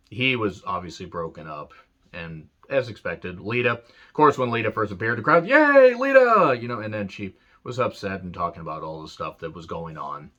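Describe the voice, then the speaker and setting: A man's voice: low voice, bright, forceful tone. A man reviewing an old wrestling show in a casual, rambling rant, earnest and full of fillers.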